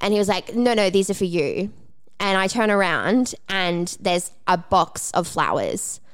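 A woman co-hosting a podcast, telling a story in casual chat, animated and acting out the lines she quotes, with some swearing. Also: mid-range voice, unhurried, smooth. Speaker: podcast co-host.

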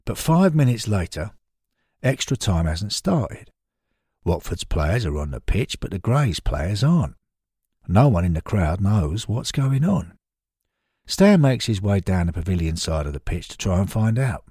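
A man narrating a story in an expressive, dramatic scripted manner. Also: on the low side, unhurried, slightly rough, no echo, studio quality.

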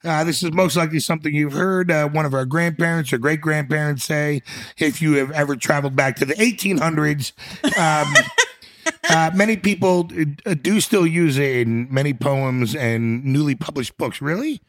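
A man's voice: a little high, moderate pace, no room sound. A man co-hosting an indie music show, chatting casually and playfully, joking and sometimes tripping over words. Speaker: show co-host. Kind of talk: casual radio show chat.

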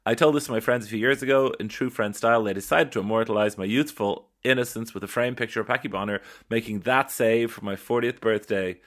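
A man's voice: lowish voice, fast, hardly any pauses, fairly bright tone. An Irish man hosting a comic podcast, reading listener emails aloud and stopping to riff on them with a wry, playful manner. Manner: wry, playful, stops to riff on what he reads. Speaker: podcast host.

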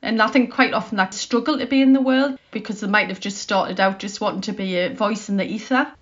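A woman's voice: medium pitch, steady tone, brisk, muffled recording. A woman writer talking as a podcast guest in a chatty, self-deprecating way. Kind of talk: conversational interview.

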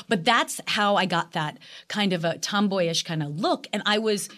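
A middle-aged woman with a Long Island accent, chatting as an actress guest in a casual interview, animated and full of fillers. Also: mid-range voice, normal speed. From Long Island, New York.

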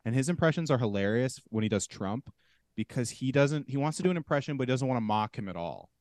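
A man's voice: medium pitch, lively intonation, quick pace, darkish tone, no echo. Opinionated young man, dry sound. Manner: opinionated, scornful, many "like" fillers. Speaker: podcast co-host. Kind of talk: casual podcast chat.

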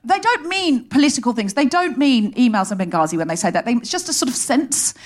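A woman hosting a comedy podcast, delivering an animated, sardonic stand-up monologue on a live stage into a stage mic. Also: fairly high pitch. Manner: animated, sardonic, rapid comic storytelling. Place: live theatre stage before an audience.

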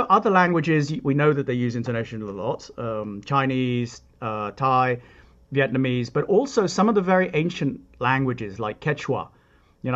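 A man speaking as a composer and guest on a podcast, explaining at length in a thoughtful, reflective way and often restarting his sentences. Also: medium pitch. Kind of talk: explanatory interview talk. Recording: dull lo-fi recording.

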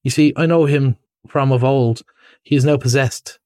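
A man's voice: mid-range voice, fairly even intonation, moderate pace, dry recording, studio quality, natural voice. A man reading a storybook aloud, voicing a stern, practical male water rat who speaks firmly and sharply. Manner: firm, sharp, exasperated.

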